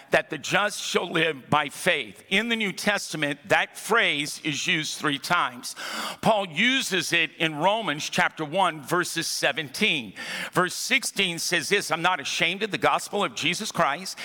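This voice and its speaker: A man's voice: on the high side, bright, forceful tone. Emphatic preaching man in an echoing auditorium. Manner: emphatic preaching, repeats key phrases, calls for congregation response. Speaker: pastor. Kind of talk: sermon. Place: church auditorium. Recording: long reverb from a large auditorium.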